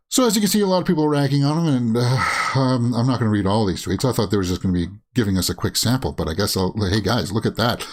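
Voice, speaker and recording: A man's voice: lowish voice, brisk. A man hosting a casual movie news show, rambling through reactions with many fillers and frequent chuckles. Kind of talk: casual commentary while browsing and reading tweets.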